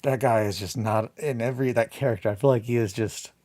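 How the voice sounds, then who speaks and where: A man's voice: medium pitch, fast talker, a little mellow. A man hosting a morning hobby livestream, chatting casually in a meandering way, laughing often and swearing freely. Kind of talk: casual rambling chat.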